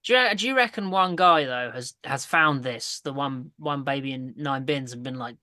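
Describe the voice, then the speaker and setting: A man's voice: mid-range voice, normal speed, bright, forceful tone, no echo, clean studio sound. A man hosting a casual podcast, rambling through stories with frequent laughs and restarts. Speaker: podcast host. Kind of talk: casual chat.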